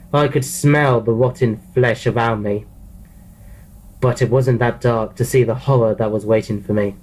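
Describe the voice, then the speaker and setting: A man's voice: medium pitch, darkish tone, rough recording. Man reading a horror story aloud. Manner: plain reading with frequent restarts. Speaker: narrator.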